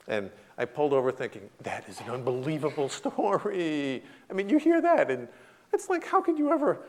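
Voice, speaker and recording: An American man giving a storytelling lecture in a hall, animated, laughing often and shouting out quoted lines. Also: a little high. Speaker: guest lecturer.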